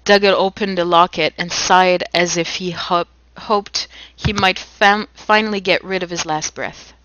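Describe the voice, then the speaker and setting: With a steady, lowish and somewhat bright voice, a little slow, this podcast co-host reads from a novel, performing the dialogue, cracking jokes and dissolving into laughter. The audio sounds dull.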